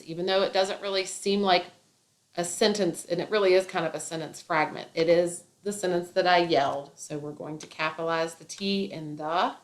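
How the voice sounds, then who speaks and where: A woman teacher explaining a grammar lesson step by step, with playful asides. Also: low voice.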